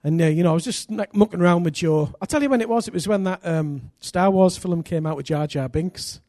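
Lively self-mocking male preacher. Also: sits high, brisk, no echo, studio quality. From England. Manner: energetic, anecdotal, self-deprecating humour; bursts of loud emphasis. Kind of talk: sermon with personal stories.

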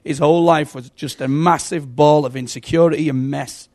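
A middle-aged man giving an emotional sermon testimony, telling stories and swinging from hushed to loud. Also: a little high, fairly even intonation, moderate pace. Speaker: preacher.

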